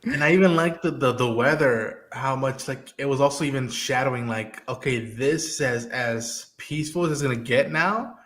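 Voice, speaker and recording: A man hosting a casual live-streamed podcast, retelling scenes quickly and acting out the lines. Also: medium pitch. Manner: quick, animated retelling of scenes with acted-out quotes. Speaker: podcast host.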